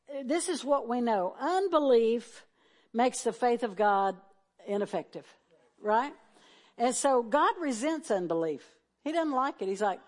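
A woman with a slightly high voice delivers a sermon. She talks to the congregation casually and reads scripture aloud, slowing down to lean on important words. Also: darkish tone. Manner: slows and stretches key phrases for emphasis. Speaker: preacher.

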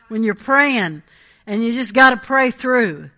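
A woman preaching a Pentecostal sermon with a bright, tense edge to her voice. She speaks in a fairly high register, pressing hard on key phrases and checking in with her congregation. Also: lively intonation, measured pace.

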